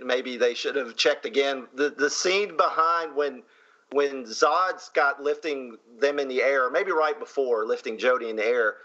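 Man, Southern accent, bright voice, muffled lo-fi sound, casual movie chat, laughs often. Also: medium pitch. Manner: chatty, laughs often, many fillers. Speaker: podcast co-host.

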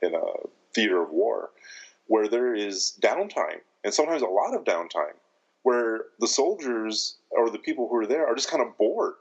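Man in his 50s, low voice, halting thoughtful podcast chat. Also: lo-fi sound. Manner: thoughtful, hesitant, many restarts. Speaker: podcast co-host. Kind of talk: casual chat.

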